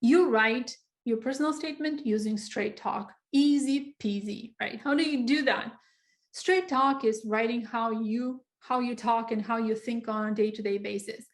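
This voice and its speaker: A woman with a fairly high voice coaches students on personal statements in a loose, conversational way. She pauses on fillers, circles back, and slips into reading sample passages aloud. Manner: conversational, frequent fillers, acts out sample writing. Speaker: writing coach. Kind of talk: informal online lesson.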